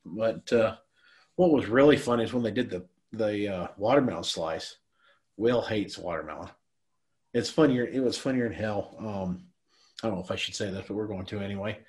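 A man's voice: fairly low pitch, normal speed, a little mellow. Middle-aged male guest, loose casual storyteller, chuckles and cusses freely. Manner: rambling, laughing, swears freely. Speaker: guest on a podcast.

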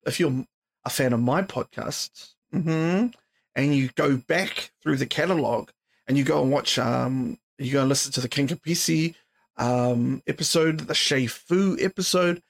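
This man's voice is fairly high and gravelly. Worn out and yawning late at night, he hosts a solo podcast chat, rambling loosely with frequent curses and fillers.

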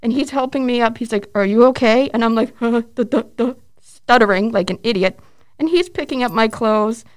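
A woman in her forties telling animated stories as a guest in a casual interview, acting out quotes and laughing often. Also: on the high side, brisk, clear, resonant tone. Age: 40s. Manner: lively, animated storyteller who acts out quotes and laughs often.

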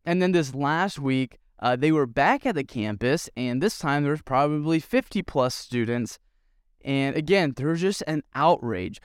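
A young man retells his story earnestly, rambling with fillers. His voice sits fairly high and sounds smooth and clear, recorded dry and close. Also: animated, normal speed, no room sound. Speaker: youth pastor. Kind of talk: casual storytelling vlog.

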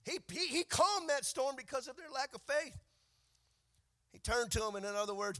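A man preaching a sermon, moving from quiet, measured reading to shouted, sing-song preaching. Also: extremely high pitch, lively intonation.

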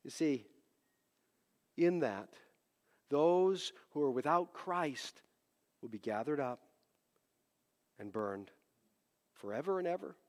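Impassioned preacher in a hall. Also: male voice, a little high, animated, slow pace, pauses often. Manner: impassioned, climbs into loud emphatic peaks. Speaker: pastor. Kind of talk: sermon.

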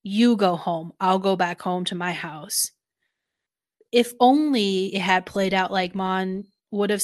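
A woman with a voice of middle pitch talks through a TV series in relaxed podcast chat. She speaks thoughtfully and uses many filler words as she goes. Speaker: podcast co-host. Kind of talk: casual chat recapping a TV series.

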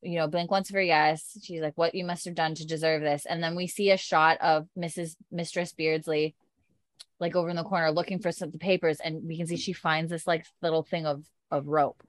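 A woman's voice: low voice, level tone, normal speed, dry recording. A woman chatting casually as she recaps a TV episode, animating the characters' lines and swearing freely. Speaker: show recapper.

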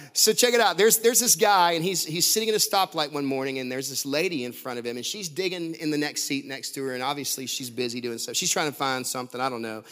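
A man preaching a sermon, telling a story with lots of laughs, fillers and restarts. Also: medium pitch. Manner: animated, laughing often, many restarts and fillers.

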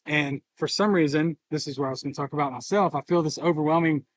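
A man's voice: fairly high pitch, fairly even intonation, dry recording, poor audio. Emotional man on a dry podcast mic. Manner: reflective, halting, open about feelings. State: emotional, near tears. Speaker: podcast co-host. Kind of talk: casual podcast conversation.

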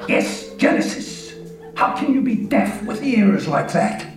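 An actor playing a drunk, irritable older male ship's doctor, talking gruffly and sarcastically in a film clip. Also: high voice, sing-song, a little slow. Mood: cranky. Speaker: film character. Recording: film clip with music in a roomy space.

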